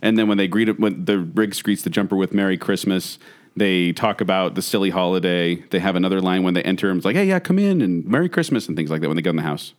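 A man's voice: deep voice, fast. A man co-hosting a podcast, teasing and arguing in a casual debate. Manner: animated, teasing, argumentative. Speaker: podcast co-host.

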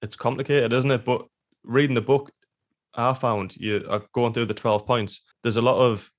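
A man's voice: mid-range voice, little pitch movement, normal speed. A man co-hosting a podcast in casual chat, easygoing, often adding tag questions and filler words. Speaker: podcast co-host.

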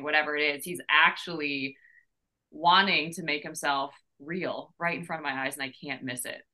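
A woman's voice: low voice, steady tone, normal speed, sharp tone, low-quality recording. A woman hosting a faith podcast, talking casually and enthusiastically and asking rhetorical questions. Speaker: podcast host.

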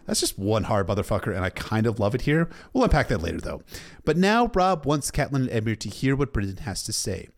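A man's voice: medium pitch, very animated, fairly quick, gravelly. A man recapping a story in a casual, irreverent way, cursing freely. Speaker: book recap narrator.

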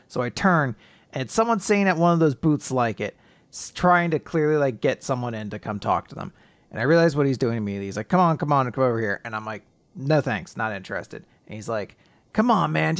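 A grieving man co-hosting a podcast, talking casually in a subdued, halting way with nervous laughs. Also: mid-range voice, dry recording. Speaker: podcast co-host.

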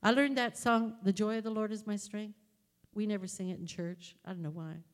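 A woman's voice: mid-range voice, steady tone, a little fast. A woman speaking casually to a church conference audience and breaking into gospel song. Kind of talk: casual talk and gospel singing. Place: large hall with audience. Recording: echoey hall with music.

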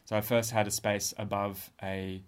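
A man in his thirties with an Australian accent talks about his music in a relaxed interview. His voice sits a little low, and he weighs his words, pausing and restarting as he thinks. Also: clean tone. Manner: thoughtful, hesitant, with frequent restarts. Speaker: composer and musician. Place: studio space.

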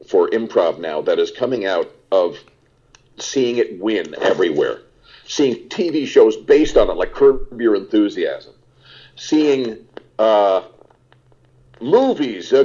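A man's voice: lowish voice, muffled recording. An older man, an actor, chatting casually in an interview and rambling through stories with lots of "uh"s. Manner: rambling, animated storytelling with lots of "uh". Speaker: actor guest.

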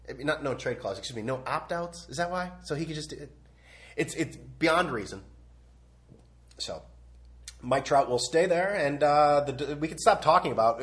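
A man's voice: a little high, big pitch swings, normal speed. A young man hosting a sports podcast, rambling and sarcastic in a casual opinion rant, blunt and full of restarts.

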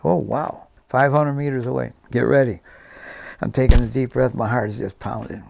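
A man's voice: medium pitch, steady tone, moderate pace, creaky, background noise. A man in his seventies, a veteran guest, vividly recounting war memories and acting out the dialogue. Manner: vivid storyteller, acts out dialogue. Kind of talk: personal war storytelling.

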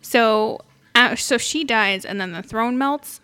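A young woman with a fairly high voice narrates an episode's plot in casual chat. She laughs often and keeps it loose. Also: slow, bright, forceful tone, clear, resonant tone. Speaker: podcast co-host.

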